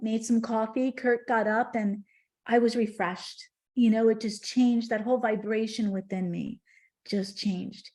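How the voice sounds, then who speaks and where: A woman's voice: a little high, a little mellow. A middle-aged woman, a podcast guest, telling a heartfelt spiritual story in conversation.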